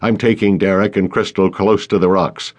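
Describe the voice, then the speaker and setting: A short-tempered, middle-aged boat captain in a storybook, barking orders in a gruff voice, as a male narrator puts him on. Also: low-pitched, fairly even intonation, normal speed. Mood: bossy. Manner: barking, bossy.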